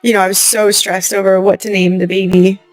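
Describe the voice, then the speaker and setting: A young adult woman telling a personal story as an interview guest, acting out what people said to her with lively voices and laughing often. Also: mid-range voice, a little fast, no room sound, faint music behind. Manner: animated retelling, acting out quoted lines, laughing often.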